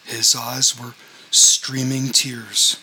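A man's voice: medium pitch, flat delivery, very slow, bright, forceful tone, husky, rough recording. A man narrating a story aloud, reading the characters' dialogue with only mild changes in his voice. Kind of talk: audiobook narration.

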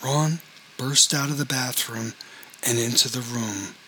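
A man's voice: medium pitch, a little slow, bright, forceful tone, a little hiss or hum, low-quality recording. A man narrating a story aloud, reading the characters' dialogue with only mild changes in his voice. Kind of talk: audiobook narration.

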